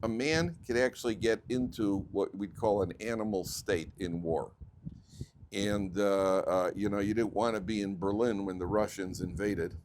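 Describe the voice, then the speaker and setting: A man with an American accent, a rabbi giving a joking, digressive Torah lecture with sudden jumps in pitch. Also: moderate pace, noisy background. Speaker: rabbi teaching a weekly Torah class.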